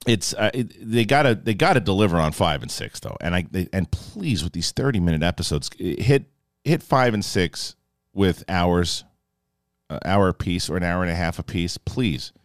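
A man with a low voice breaks down a TV episode in loose, casual talk. He is animated and jokey, slipping into quick impressions of the characters. The sound is close and dry. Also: no room sound. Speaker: film and TV reviewer. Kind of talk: casual spoken episode review.

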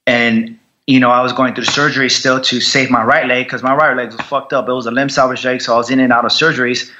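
Raw, profane man with a bright edge. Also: medium pitch, little pitch movement, fast, muffled recording. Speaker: podcast guest, combat veteran. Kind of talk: candid interview storytelling.

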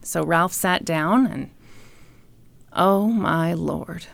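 A woman co-hosting a podcast, telling a story with playful teasing and dramatic pauses. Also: fairly low pitch, vocal fry, no room sound. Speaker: podcast co-host. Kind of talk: comedic storytelling.

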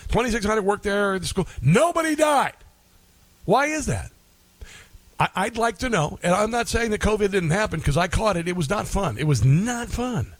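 Indignant talk radio host, dry and close. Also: male voice, sits high, no echo. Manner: repeats phrases for emphasis; combative, indignant delivery. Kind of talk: opinionated talk radio monologue.

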